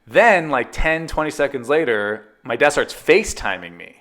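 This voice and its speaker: A man hosting his own podcast, telling a funny personal story in a casual monologue and jumping into loud, exasperated retellings of conversations. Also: medium pitch, moderate pace. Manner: animated, jumps into loud exasperated retellings of dialogue. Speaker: podcast host.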